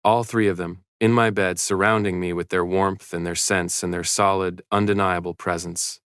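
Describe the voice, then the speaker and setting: A man narrating a first-person story in a steady, even read. His voice is deep and smooth, recorded dry and close. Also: normal speed, no echo.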